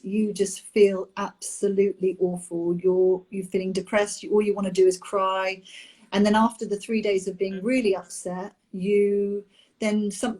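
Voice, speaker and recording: A young adult woman, a nanny, talking candidly about a personal experience with many pauses and restarts over a video call. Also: medium pitch, a little mellow. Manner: open, halting, with many ums and restarts. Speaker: nanny sharing her IVF experience.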